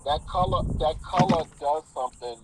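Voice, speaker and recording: A man on a phone call chatting casually about fishing, eager and quick to affirm. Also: fairly high pitch. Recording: phone on speaker outdoors with background noise.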